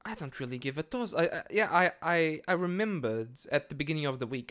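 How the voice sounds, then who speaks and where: A man's voice: fairly high pitch, expressive, fairly quick, fairly bright tone. A man hosting a podcast, rambling casually with lots of hesitant fillers and swearing. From Portugal. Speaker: podcast host. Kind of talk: casual monologue.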